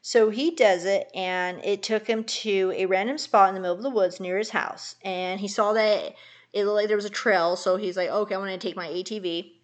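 A woman's voice: medium pitch, fairly even intonation, moderate pace. Woman, podcast co-host, casual chat, rambling storyteller, lots of fillers.

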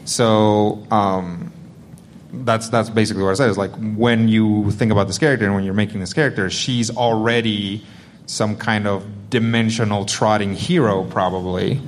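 A man with a fairly low voice answers fan questions from a convention stage. He rambles, chuckles and stacks up fillers as he explains how the show works. A faint hiss sits under the sound. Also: steady tone, normal speed. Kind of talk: panel Q&A answer, casual.

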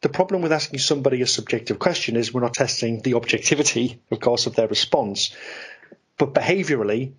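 A man, a guest on a podcast interview, explaining ideas in an animated, talkative way. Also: mid-range voice, slightly rough. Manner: animated, explanatory, self-deprecating about ranting. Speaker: guest, investment expert.

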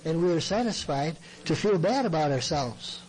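A man's voice: on the high side, expressive, normal speed, darkish tone, low-quality recording. A man speaking as a Christian counselor, giving a plain-spoken, earnest sermon talk in a folksy way. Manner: earnest, folksy, acts out what people say to him.

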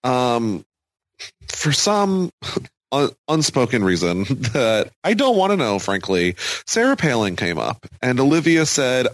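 A man's voice: medium pitch, big pitch swings, unhurried, dry recording. Giggly man co-hosting a podcast, dry mic. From United States. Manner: giggly, hesitant, many fillers. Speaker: podcast co-host. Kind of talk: casual chat recapping a reality show.

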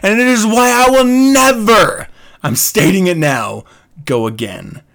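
A man's voice: high-pitched, a little slow, vocal fry. A man hosting his own podcast, telling a story in a casual monologue, swearing freely and laughing often as he rants. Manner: animated, profane storytelling rant with frequent laughs. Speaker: podcast host.

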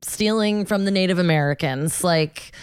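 A woman co-hosting a casual chat, animated, laughing often and swearing casually. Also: on the low side, moderate pace, clean tone, no room sound, clean studio sound. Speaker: podcast co-host.

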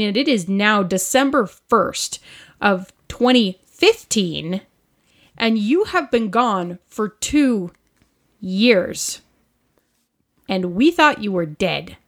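A woman's voice: mid-range voice, lively intonation, slow. A woman playing a tabletop role-playing game, laughing often and speaking earnestly in character. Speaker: player.

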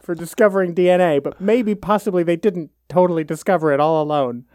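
A man's voice: sits high, a little mellow, no echo, clean studio sound. Wisecracking man co-hosting a podcast. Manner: quick wisecracking interjections. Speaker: podcast co-host. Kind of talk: joking history chat.

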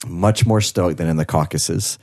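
A man from the Chicago area, a guest on a podcast, chatting casually with relaxed, matter-of-fact answers. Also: deep voice, moderate pace. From United States, Chicago area.

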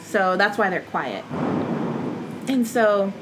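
A young woman, a wrestler guest on a podcast, telling stories in a casual, animated way with lots of "like". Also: medium pitch, slow, a little hiss or hum, low-quality recording. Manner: animated, laughs often, lots of "like". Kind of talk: casual storytelling interview.

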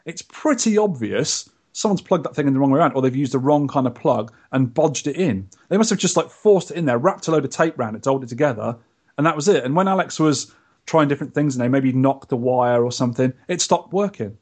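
A man co-hosting a podcast, telling a story in casual chat. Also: a little fast. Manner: chatty storyteller, lively pitch. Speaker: podcast co-host.

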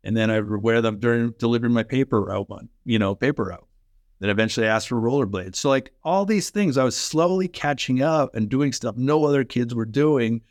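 A middle-aged man from Canada, a former pro hockey player, telling energetic, fast-flowing stories in a podcast interview. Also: mid-range voice, no echo, clean studio sound. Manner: energetic, fast-flowing anecdotes with quoted dialogue. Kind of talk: animated storytelling in a podcast interview.

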